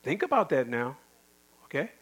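A man's voice: medium pitch, very animated, moderate pace, fairly bright tone, breathy edge, poor audio. A middle-aged man preaching a sermon in an emphatic, repetitive way, with folksy asides.

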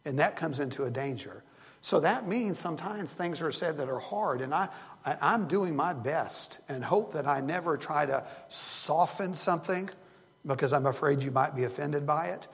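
Older pastor with gravelly voice, echoing sanctuary. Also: male voice, on the high side, animated, moderate pace. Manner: earnest, rambling with repeated restarts. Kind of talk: sermon. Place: church sanctuary.

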